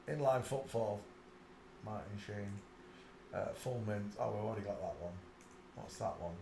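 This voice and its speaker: A man's voice: moderate pace, vocal fry, pauses often, roomy sound, noisy background. A man hosting a live stream, rambling on and muttering asides to himself. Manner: breaks into high shrieking laughter.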